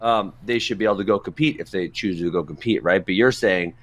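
A man's voice: sits low, a little fast. A man co-hosting a casual wrestling talk show, giving opinionated rants. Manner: opinionated, ranting, animated. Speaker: podcast co-host. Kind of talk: casual chat.

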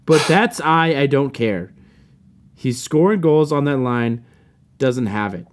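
Male podcast host, mid pitch, ranting and swearing in casual chat. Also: slow. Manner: profane, animated ranting.

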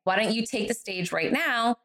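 A woman's voice: a little high, moderate pace. A middle-aged woman, a guest author, telling a story in a podcast interview and acting out the voices of the people in it. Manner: animated, acts out quoted voices.

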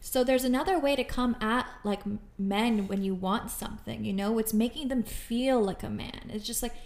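Chatty, animated woman podcast co-host. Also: a little high, moderate pace, creaky. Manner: animated, chatty, many fillers like "like" and "you know". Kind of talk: casual podcast chat.

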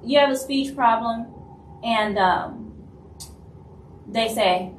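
A woman from Louisiana with a Louisiana Southern accent, hosting a live stream in casual talk and acting out other people's lines in quick asides. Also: fairly high pitch, slight background noise. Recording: roomy echo, voice from a distance, faint ambience.

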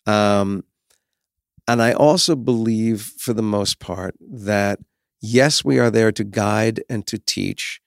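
Speaking slowly with a fairly low pitch and vocal fry, a guest in his fifties shares candid stories conversationally. He's reflective and frank, swearing now and then. The sound is clean studio quality without echo.

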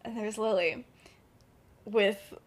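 A woman's voice: medium pitch, fairly even intonation, takes it slowly. A young woman casually retelling a story on a podcast, laughing often and filling her speech with "like". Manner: giggly, laughs through her sentences, heavy use of "like". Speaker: podcast co-host.

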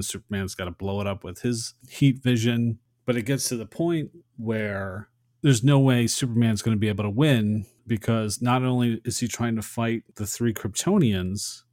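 A man's voice: lowish voice, a little mellow, dry recording, studio quality. A man in a casual podcast chat, animatedly recapping movie scenes and acting out short quotes. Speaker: podcast co-host. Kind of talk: casual film discussion.

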